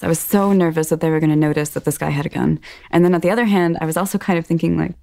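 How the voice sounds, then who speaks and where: A woman giving documentary testimony, recounting events earnestly and in a measured way, often acting out quoted speech. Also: low voice, fairly even intonation, creaky, dark tone, no echo, studio quality. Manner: earnest, measured retelling that voices others' quoted words. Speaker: interviewee telling her own story.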